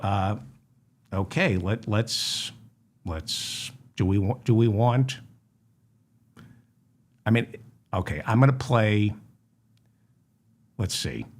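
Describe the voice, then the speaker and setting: A man hosting a satirical news monologue, deadpan and mock-serious, breaking into indignant outbursts. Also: fairly low pitch, slow pace, long pauses. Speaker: comedy news host.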